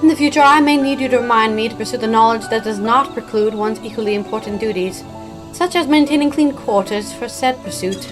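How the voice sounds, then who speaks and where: A woman voicing a composed, scholarly young female mage as she reads game dialogue aloud, measured and formal. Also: fairly high pitch, music in the background, natural voice. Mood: dry.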